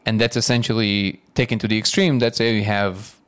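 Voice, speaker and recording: A man hosting a podcast, calmly summarizing his guest's point and building on it in casual conversation. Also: on the low side, smooth. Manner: measured, paraphrasing and summarizing.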